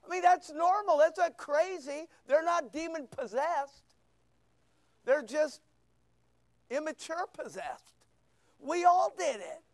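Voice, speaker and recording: A man's voice: extremely high pitch, slow, pauses often, no room sound. A man preaching a sermon, reading scripture and acting out voices as he goes. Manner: animated preaching, acts out quoted voices. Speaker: pastor.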